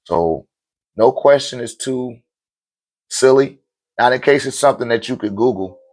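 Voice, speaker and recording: A man's voice: mid-range voice, a little slow. Man, livestream host, casual teaching tone, conversational, rhetorical check-ins, rhythmic chanting of names, mid-range voice. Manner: chants lists of names rhythmically, growing animated. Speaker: livestream host answering viewer questions on spirituality. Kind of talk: casual spoken teaching on a live stream. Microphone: streaming mic.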